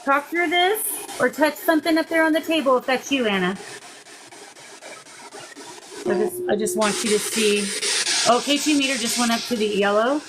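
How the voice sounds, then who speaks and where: A woman hosting a paranormal investigation, gently coaxing a spirit in a soft, encouraging way and calling it "darling.". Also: a little high, normal speed, long pauses, noisy background. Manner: gentle, coaxing, calls the unseen listener "darling" and "sweet pea". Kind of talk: live spirit-communication session. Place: indoors beside a table of ghost-hunting gear.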